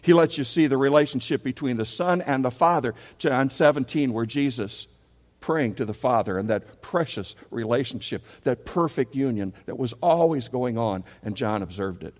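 Male pastor mid-sermon, lively call-and-response delivery, long hall reverb. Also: medium pitch, normal speed. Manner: animated preaching, leads congregation call-and-response.

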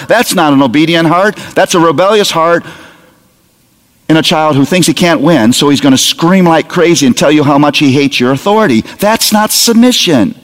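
A man preaching a sermon to parents, lively and humorous, acting out little scenes of talking to a child. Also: on the high side, moderate pace. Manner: animated, humorous, acts out parent dialogue. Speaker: pastor. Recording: long hall reverb.

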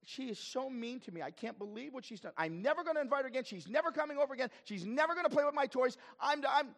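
A man voicing an upset little girl who forgives quickly, with whiny, tearful outbursts. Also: very high-pitched, animated, fairly bright tone, in a large hall, pitched above the performer's own voice, full character voice.

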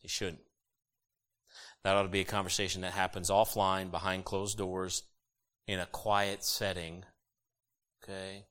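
Animated preacher man with a bright voice. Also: deep voice, a little slow, long pauses. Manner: animated, jokey, sudden loud bursts. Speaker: pastor. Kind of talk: sermon.

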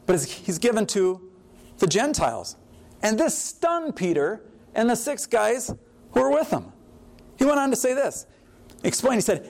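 A pastor preaching a sermon, reading scripture verses and explaining them in a plain, conversational way. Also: male voice, high-pitched.

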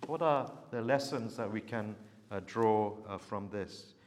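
A man preaching a sermon, telling a story in an earnest, unhurried way. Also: on the low side, long reverb tail.

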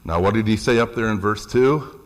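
Man preaching an animated sermon. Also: a little fast. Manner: animated, rises in pitch for emphasis, asks congregation questions.

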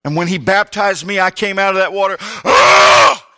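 A man's voice: high-pitched, steady tone, fast, pushed and bright. A male pastor preaching a sermon, telling a personal story with comic asides.

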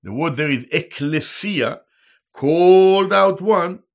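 A man preaching a sermon as a Bible teacher, slow and emphatic, repeating each key term in Hebrew and English. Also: on the high side, lively intonation.

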